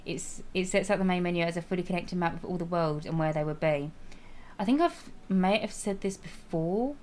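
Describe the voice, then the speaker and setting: A woman's voice: fairly low pitch, a little fast, a little mellow. A young woman streaming a life-sim game, chatting casually with viewers, giggling, restarting sentences and apologizing as she goes.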